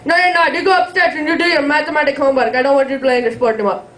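A man's voice: very high-pitched, steady tone, racing, a bit bright, echoey room, slight background noise. A man voicing a stern parent who orders a child upstairs to do homework. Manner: stern, bossy.

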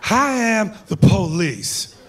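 An intense, explosive movie-star cop, as a male comedian impersonates him. The delivery is slow and drawn out, and it flares from quiet menace into shouting in a fairly high voice. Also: sing-song, exaggerated voice. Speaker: comedian impressionist.

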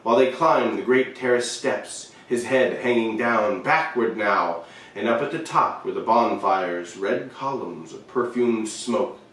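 Man reading a story aloud, expressive, very roomy echo, set back from the mic. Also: on the low side, unhurried, recorded from a distance. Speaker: reader. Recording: very echoey room, voice away from the mic.

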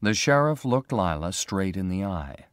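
Slow, expressive male storyteller. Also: deep voice, no echo, studio quality. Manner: slow, clear, expressive reading. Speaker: narrator. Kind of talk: graded reader story narration.

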